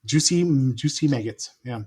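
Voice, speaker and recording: A man's voice: medium pitch, moderate pace, a little mellow, breathy edge. A middle-aged man from New Mexico, co-hosting a casual movie podcast, rambling and laughing often as he trails off and restarts. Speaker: podcast co-host. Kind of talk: casual chat.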